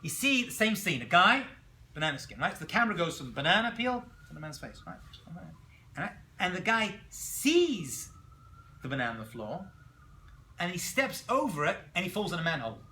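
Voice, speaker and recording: A man teaching a class as a rabbi, telling jokes and stories in an animated way and throwing questions at his students. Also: high voice, moderate pace, a little hiss or hum. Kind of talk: classroom lecture.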